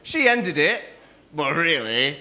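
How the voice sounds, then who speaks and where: A young man doing a crude, cheeky stand-up set on a comedy club stage, acting out other people in quick quoted voices. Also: a little high, big pitch swings, noisy background. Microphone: stage microphone.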